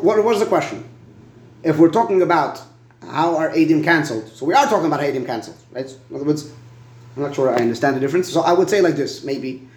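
A man teaching a Talmud study session, reasoning aloud in quick bursts and repeating words as he thinks, in an echoey room. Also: a little high. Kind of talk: animated Talmud study debate.

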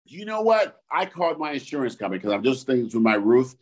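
Animated man in casual podcast chat. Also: fast talker. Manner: animated, swearing, jumps into high-pitched outbursts when riled. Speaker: podcast co-host.

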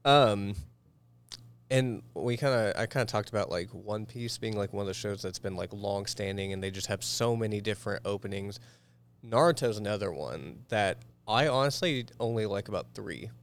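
A man on a casual podcast, speaking low and smooth. He explains things in a relaxed way with plenty of fillers. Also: normal speed. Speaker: podcast co-host. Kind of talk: casual chat.

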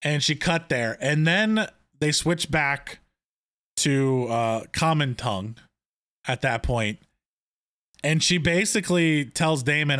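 A man's voice: a little high, expressive, slow, a bit bright, dry recording, clean studio sound. A man co-hosting a casual chat about a TV episode, retelling scenes with enthusiasm and lots of fillers. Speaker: podcast co-host.

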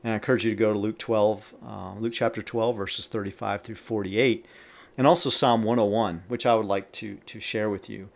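A man's voice: lowish voice, fairly even intonation, normal speed, creaky. A man giving a Bible teaching on a podcast. He reads scripture aloud with added emphasis and stops to comment between verses. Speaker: podcast preacher.

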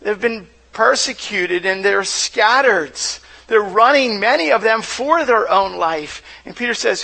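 A man's voice: sits high, lively intonation, unhurried, vocal fry, hardly any pauses, pushed and bright, low-quality recording. A pastor preaching a sermon in church, asking the congregation questions and often repeating words as he restarts. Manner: asks rhetorical questions to the audience.

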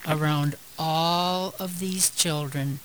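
Slow, earnest older woman praying. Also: low-pitched, fairly even intonation, a crowd in the background, low-quality recording. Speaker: guest leading prayer. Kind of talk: spoken prayer.

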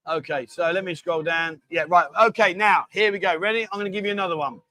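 A man hosts a casual live bar show in a high, steady, sharp voice, talking quickly as he jokes, bosses, and coaxes guests into quizzes and drinking games, calling them darling. The recording quality is low.

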